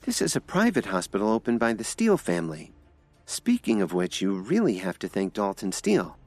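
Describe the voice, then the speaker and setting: A man's voice: lowish voice, wildly swooping pitch, brisk, darkish tone, dry recording, soft background music, full character voice. Man voicing a worried young woman. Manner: pleading, anxious.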